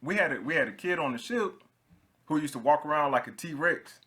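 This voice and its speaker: Young guy hosting a podcast, bright voice, gets loud and laughy telling stories. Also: a little high, fairly quick. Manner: animated storyteller, laughs while telling stories. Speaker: podcast host. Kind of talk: casual podcast chat.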